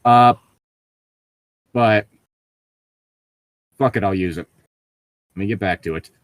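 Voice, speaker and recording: A man's voice: on the low side, slow pace, no room sound. A man chatting loosely and laughing often as he co-hosts a casual podcast, reading a book aloud with friends.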